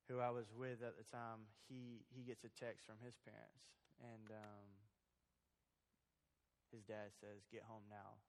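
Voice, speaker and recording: A man's voice: medium pitch, long reverb tail. A young man giving a personal testimony in a church, talking casually with many ums and restarts. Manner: conversational, with many ums and restarts, acting out quoted lines. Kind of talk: storytelling testimony to a church audience. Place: church hall.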